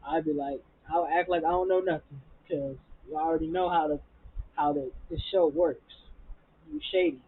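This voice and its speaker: A woman recapping a reality TV episode in a casual, animated and profane way, getting heated as she talks. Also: low-pitched, moderate pace, breathy edge. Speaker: TV recap vlogger. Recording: phone-like lo-fi audio.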